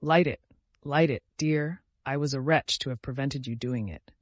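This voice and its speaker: A man voicing a gentle, feverish dying young man who talks tenderly and with rapture, in an audiobook. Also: mid-range voice, normal speed, no room sound, close to an everyday voice. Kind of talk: audiobook character voice.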